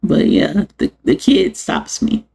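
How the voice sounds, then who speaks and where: A woman podcast host, talking to her live viewers in an animated, sarcastic way and laughing often. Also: slow. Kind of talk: live-streamed rant to viewers.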